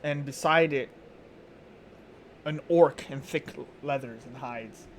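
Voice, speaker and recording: Slow-talking male game master. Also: mid-range voice, slight background noise. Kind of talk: narrating a tabletop game.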